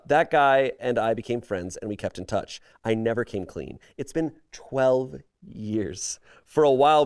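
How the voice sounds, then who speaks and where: A man reading a story and comments aloud as a comedy podcast host, breaking off into laughter now and then. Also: medium pitch. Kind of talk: reading posts aloud, casual podcast chat.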